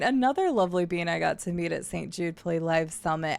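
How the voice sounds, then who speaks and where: A young woman streaming a game, chatting casually and getting emotional and excitable, with casual swearing. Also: fairly low pitch, normal speed, creaky, few pauses, soft background music. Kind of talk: casual live-stream gaming chat.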